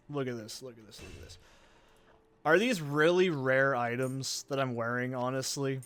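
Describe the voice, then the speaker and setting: A man's voice: medium pitch, a bit bright. A man hosting a let's play, giving rambling, profane, self-deprecating gameplay commentary.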